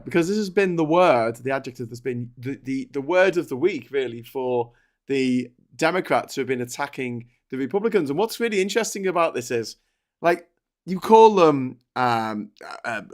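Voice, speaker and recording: A man hosting a casual political chat show, chatty and rambling, swearing and laughing as he goes. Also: fairly high pitch. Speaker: host.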